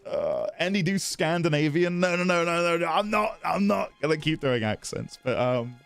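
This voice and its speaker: A man's voice: on the high side, sing-song, normal speed, gravelly, fairly bright tone, clear, resonant tone, faint music behind. A man chatting casually on a live stream while playing a game, giggly and self-deprecating.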